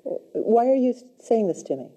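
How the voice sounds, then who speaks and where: A woman guiding a client through a tapping session, calm and gently directive. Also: on the high side, unhurried. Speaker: tapping practitioner.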